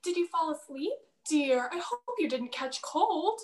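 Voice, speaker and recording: A young woman playing a caring mother in a school play, fussing over her children and gently scolding. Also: high voice, expressive, a little slow, roomy sound. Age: young adult. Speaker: student actor. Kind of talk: stage play acting.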